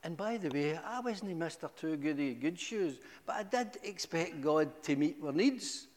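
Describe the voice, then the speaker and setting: A middle-aged man giving a humorous, animated testimony to a church, with sudden high exclamations. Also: unhurried. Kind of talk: storytelling testimony. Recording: echoey hall.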